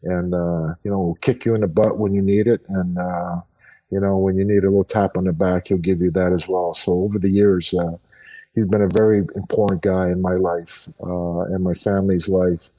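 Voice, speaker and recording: A man's voice: deep voice, flat delivery, moderate pace, dark tone, distant mic, rough recording. A middle-aged man, a retired hockey player, talking earnestly in a casual interview, with many fillers and restarts.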